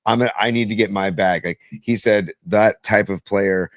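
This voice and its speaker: Low-voiced weary sports-talk man. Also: steady tone, dry recording. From San Francisco Bay Area. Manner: weary, frustrated, halting restarts. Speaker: podcast co-host.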